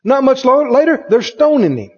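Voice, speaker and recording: A man delivers a folksy sermon, his high voice swooping up and down as he acts out the people in his stories. His tone is husky and mellow. The recording is dull and lo-fi, with the long reverb of a church sanctuary. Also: sing-song, moderate pace. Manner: folksy storytelling with laughs and quoted voices. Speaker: pastor. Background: congregation answering amen.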